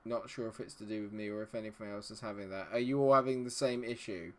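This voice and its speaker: A man's voice: lowish voice, steady tone, fast talker. A man live-streaming a game, chatting with his viewers and muttering to himself while he checks settings. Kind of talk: live-stream commentary talking to chat.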